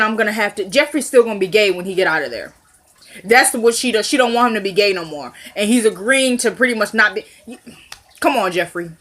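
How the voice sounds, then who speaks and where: A woman's voice: medium pitch, sharp tone. A woman giving a chatty recap of a TV episode, talking straight to her viewers and acting out the lines of the scenes. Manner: chatty, addresses viewers directly, acts out dialogue. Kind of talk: casual recap vlog.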